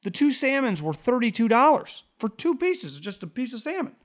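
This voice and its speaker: A man co-hosting a sports podcast, telling animated, jokey stories in casual banter. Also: extremely high pitch, moderate pace. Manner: animated storyteller, jokey asides. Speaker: sports talk podcast co-host.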